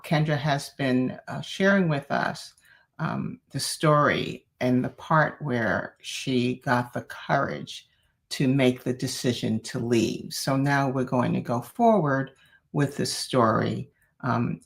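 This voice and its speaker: Low-voiced, slow-talking woman host. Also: gravelly. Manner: soft, encouraging, frequent listening murmurs. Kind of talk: interview hosting.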